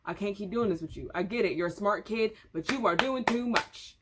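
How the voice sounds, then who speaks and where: A woman's voice: mid-range voice, fairly quick, background noise, lightly acted. A woman voicing a fed-up father who bluntly scolds a child, exasperated.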